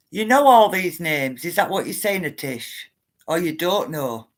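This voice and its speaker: A woman's voice: on the low side, expressive, unhurried. A woman, chatting live to viewers, greeting them by name and ranting now and then. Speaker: livestream host. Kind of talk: casual livestream chat.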